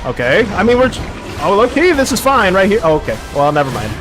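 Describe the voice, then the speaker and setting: A streamer giving excitable live gameplay commentary, swearing and laughing often. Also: mid-range voice, fast talker, music in the background.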